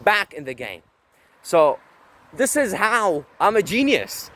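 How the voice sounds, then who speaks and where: A man's voice: high voice, big pitch swings, a little slow, fairly bright tone, a little hiss or hum, rough recording. Brash man ranting while walking outside. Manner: brash, profane, boastful ranting. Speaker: vlogger. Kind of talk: walking vlog rant. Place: outdoors walking along a street.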